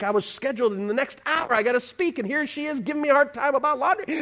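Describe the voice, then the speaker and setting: A middle-aged man preaching a storytelling sermon, swinging from hushed asides to loud, excited passages. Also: high voice, racing, hardly any pauses. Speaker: pastor.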